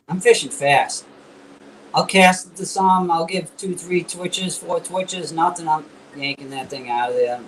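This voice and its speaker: A man, a guest angler, talking casually about bass fishing and telling lively stories. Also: unhurried, a little hiss or hum, poor audio. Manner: animated storyteller.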